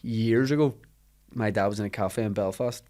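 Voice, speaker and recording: A man chatting and joking on a casual podcast, with quick interjections. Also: lowish voice, darkish tone. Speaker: podcast co-host. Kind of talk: casual storytelling chat.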